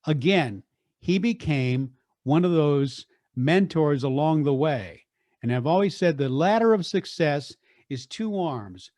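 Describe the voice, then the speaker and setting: An older man, a radio deejay and voice artist, telling stories in an energetic, animated interview. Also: on the high side, dry recording. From Texas, USA. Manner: energetic, animated, quick restarts. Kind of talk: storytelling interview.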